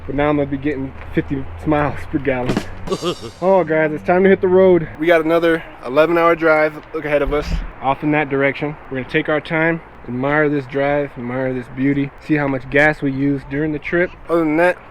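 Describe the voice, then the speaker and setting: A man from Arizona vlogging a road trip in a casual, excited way, talking to his viewers from outdoors and from a car. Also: fairly high pitch, a little fast, a little hiss or hum. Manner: excited and upbeat, addressing viewers as guys. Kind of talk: casual vlog commentary.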